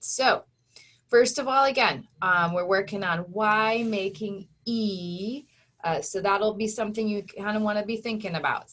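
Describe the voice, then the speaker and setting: A woman teaching an online phonics lesson to children, patient and slow on the example words. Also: mid-range voice, fairly bright tone.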